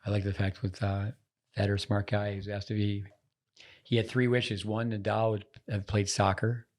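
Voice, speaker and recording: A man's voice: lowish voice, level tone, moderate pace, darkish tone. A man hosting a casual tennis podcast from a resort, chatty and rambling. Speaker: podcast host.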